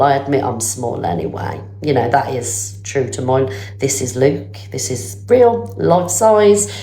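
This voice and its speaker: A woman with a lowish voice hosts a live stream while fighting a slight cold. She chats loosely, swears casually and jumps up into high squeals. The room around her sounds echoey. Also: mellow. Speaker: livestream host. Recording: roomy echo.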